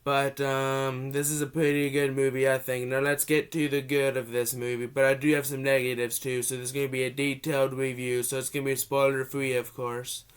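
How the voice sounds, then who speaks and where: A young man with a cold giving a casual, rambling movie review vlog, often restarting his sentences and gushing with excitement. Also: medium pitch, brisk, few pauses, smooth. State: has a cold.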